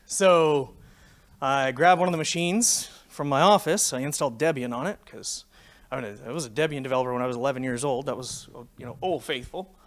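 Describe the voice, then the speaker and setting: A man's voice: medium pitch, brisk. Canadian man telling profane war stories. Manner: swears freely, animated storytelling. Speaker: conference speaker. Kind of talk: profane anecdotal tech talk.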